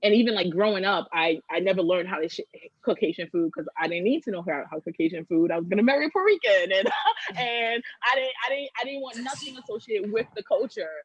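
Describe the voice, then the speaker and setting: A woman's voice: medium pitch, expressive, fast talker, breathy edge, dry recording, highs cut off. A woman speaking candidly in casual conversation, laughing as she talks. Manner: candid, laughs while talking.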